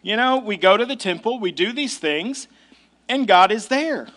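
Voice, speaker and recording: A man's voice: high voice, expressive, normal speed, a bit bright. A male pastor giving a sermon in a conversational, emphatic way with casual asides.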